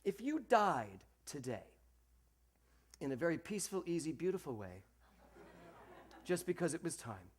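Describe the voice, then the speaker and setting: Animated man giving a sermon. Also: a little high, measured pace, pauses often, slight background noise. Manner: animated, acts out quoted voices, talks directly to the congregation. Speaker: minister. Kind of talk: sermon to a congregation.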